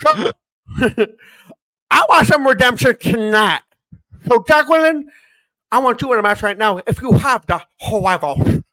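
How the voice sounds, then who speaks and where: Man putting on a high gummy old man, dentures voice, loud, bossy, swooping. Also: lively intonation, unhurried, long pauses, no room sound, heavily acted, low-quality recording. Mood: blustering.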